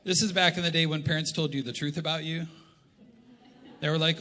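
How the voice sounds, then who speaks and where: A middle-aged man with a Canadian accent preaches in a big church hall, his bright, slightly raised voice ringing with reverb. He tells jokes and acts out the voices of family members as he goes. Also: on the high side, brisk, long pauses. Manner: animated, jokey, acts out quotes. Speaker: pastor. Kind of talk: humorous sermon storytelling.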